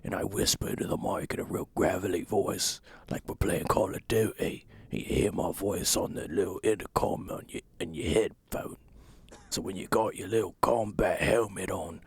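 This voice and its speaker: A man voicing a gruff male thief who whispers orders over comms, with a Cockney London accent and a gravelly whisper. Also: deep voice, normal speed, dry recording, heavily acted. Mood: conspiratorial.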